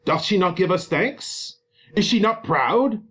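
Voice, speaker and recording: Brief: proud, quick-tempered noble father, read by a man, blustering, with big swings in pitch. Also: animated. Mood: indignant. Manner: blustering, rhetorical questions.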